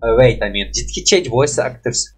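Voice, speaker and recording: A man's voice: medium pitch, moderate pace, slightly rough, faint music behind. A man with a slightly stuffy nose rambling casually through a reaction video, thinking aloud and swearing now and then.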